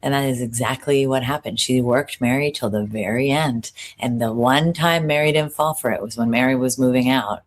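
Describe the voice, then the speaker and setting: A woman with an unusually deep voice co-hosting a casual recap podcast. She talks animatedly, with profanity and quick asides, often breaking off mid-thought. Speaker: podcast co-host. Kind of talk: casual pop culture recap.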